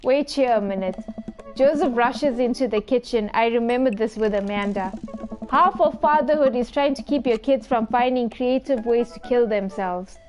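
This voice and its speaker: A woman's voice: on the high side, normal speed, a little mellow, faint music behind. A woman hosting a gaming video, reading a dating game's text aloud and adding playful, giggly, teasing asides. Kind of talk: reading a dating game aloud with live commentary.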